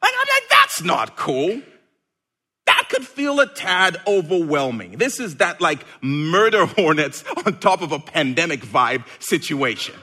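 A man preaching a sermon with a playful, animated delivery and sudden loud bursts. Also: fairly high pitch, moderate pace, few pauses.

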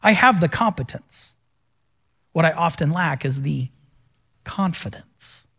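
A middle-aged man preaching a sermon in a relaxed, conversational way. His voice sits high for a man. He tells animated stories and pokes fun at himself. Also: takes it slowly, vocal fry, husky. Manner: conversational, self-deprecating, animated storytelling. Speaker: pastor.

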